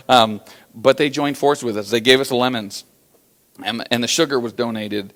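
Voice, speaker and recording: Animated American man telling stories. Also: medium pitch, a little fast. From USA. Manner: animated storyteller acting out quotes, many fillers. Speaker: motivational business speaker. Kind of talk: storytelling keynote talk.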